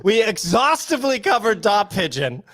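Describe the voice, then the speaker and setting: A man's voice: sits high, big pitch swings, moderate pace, a bit bright, soft background music. A man hosting a podcast, reading a sponsor spot and moving the chat along in an upbeat way. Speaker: podcast host. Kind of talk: casual chat and sponsor read.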